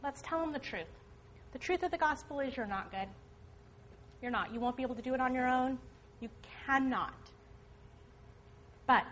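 A woman's voice: fairly high pitch, a bit bright, slight background noise, low-quality recording. A middle-aged woman telling a personal story of faith to a church audience, earnest and emphatic. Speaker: speaker at a church women's event. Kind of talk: testimony talk to an audience.

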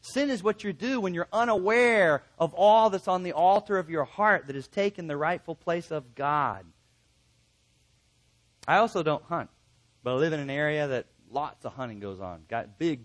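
A middle-aged man preaching from the pulpit, earnest and emphatic as he drives his points home. His voice sits a little higher than most men's, and he slips into acted-out exchanges to make a point. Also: a bit bright, rough recording. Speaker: pastor. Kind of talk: sermon.

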